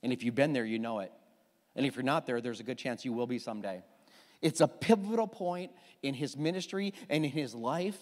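A middle-aged man preaching a sermon as pastor, telling the story with lively restarts and repeated words. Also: medium pitch, brisk, in a large hall. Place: church hall.

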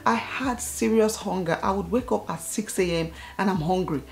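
A woman vlogger in her thirties telling a personal story straight to her viewers in an animated, chatty way. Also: mid-range voice, normal speed, creaky. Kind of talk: casual talk to camera.

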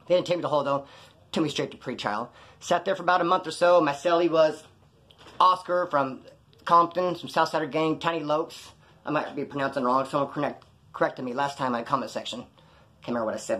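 A man's voice: a little high, fast, pushed and bright. A man from California telling jail stories in a casual, profane, rambling way, acting out other people's lines as he goes. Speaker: storyteller recounting jail time. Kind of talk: casual storytelling.

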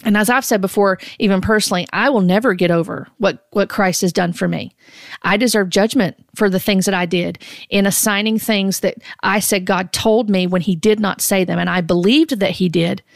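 A woman giving earnest, measured Christian commentary, often restarting her sentences as she goes. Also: mid-range voice, fairly even intonation, vocal fry, no room sound, studio quality.

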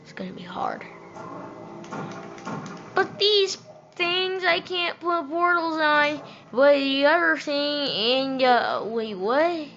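A woman gaming and talking to herself, excitable and breaking into loud outbursts, recorded with dull, lo-fi audio. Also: sits high, slow pace. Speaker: gamer. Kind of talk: let's play commentary.

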